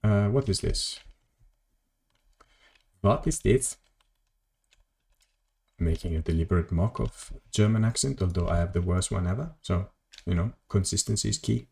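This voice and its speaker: A man's voice: deep voice, brisk, creaky, darkish tone. A man streaming a game from his home office, chatting casually and rambling as he plays, correcting himself and answering chat. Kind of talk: casual gameplay commentary.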